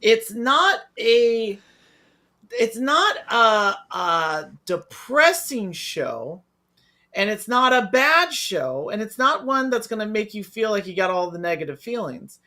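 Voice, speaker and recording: A man co-hosting a casual review podcast, talking in an excitable, animated way. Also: high voice, slow pace. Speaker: podcast co-host.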